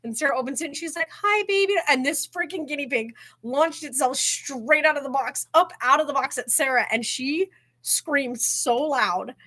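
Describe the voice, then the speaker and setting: A woman host telling stories in a loose, rambling way, sprinkling "like" through every sentence. Her voice sits a little on the high side. It sounds like relaxed everyday chat. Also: normal speed. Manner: chatty storyteller, heavy use of "like", laughs while telling. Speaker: channel host. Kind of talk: casual chat.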